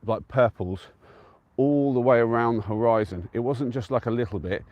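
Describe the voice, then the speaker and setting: An easygoing man from England talks to his live-stream viewers from an open hilltop. His voice sits at an ordinary middle pitch, and he keeps up a relaxed, chatty flow as he answers comments from a handheld device. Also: moderate pace, muffled recording. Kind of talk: casual live-stream chat. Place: outdoors on a windy-free open hilltop at a trig point.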